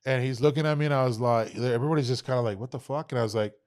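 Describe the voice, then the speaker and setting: Talking very fast in a mid-range voice, this young Texan podcast guest spins casual stories during an interview. He swears constantly and performs the quoted lines with lots of animation.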